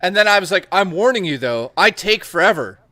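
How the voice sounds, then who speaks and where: Dude on a stream telling raunchy stories, kinda high voice, really dry mic. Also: male voice, a little fast, no room sound. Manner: crude, animated storytelling. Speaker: stream co-host. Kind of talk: casual chat.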